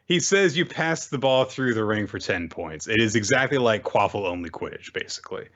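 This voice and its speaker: A man telling a story in a casual podcast chat, his pitch swinging widely as he goes. The recording sounds slightly dull and lo-fi. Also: a little fast. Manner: animated storytelling, acts out characters. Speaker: podcast host recapping manga.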